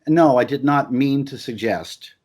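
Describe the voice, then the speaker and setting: A man's voice: medium pitch, a little slow, darkish tone. A man in a heated conversational discussion, talking emphatically and repeating his points with stammered restarts.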